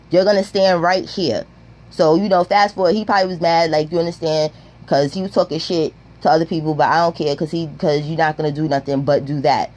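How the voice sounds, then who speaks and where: A woman's voice: fairly low pitch, a little mellow. A young woman telling a storytime vlog in a blunt, profane, streetwise way. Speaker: vlogger.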